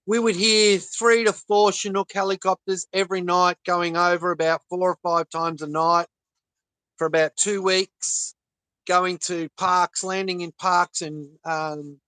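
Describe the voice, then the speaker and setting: A man talking on a livestream in an earnest, halting way, with many pauses and fillers. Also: high voice, little pitch movement, bright, forceful tone, smooth, no echo. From Australia. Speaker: livestream guest. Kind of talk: casual livestream talk.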